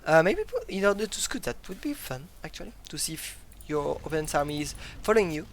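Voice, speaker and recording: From a broadcast booth, an esports caster calls live play-by-play in non-native English, excitable and given to sudden loud exclamations. His medium-pitched voice moves quickly, with a little hiss or hum on the recording.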